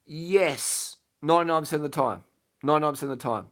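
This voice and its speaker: A man with a slightly raised pitch answers questions on a live stream from his bed. He talks bluntly and casually, swears without a second thought and says his points twice. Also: fast talker, a bit bright. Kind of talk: casual late-night live stream chat. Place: lying in bed at home.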